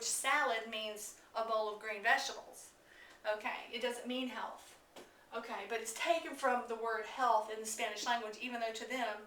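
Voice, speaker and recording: A woman's voice: a little high, a bit bright, a little hiss or hum. A woman giving an informal lesson on word origins, chatty, with many fillers and restarts. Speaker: teacher. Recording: echoey room, mic at a distance.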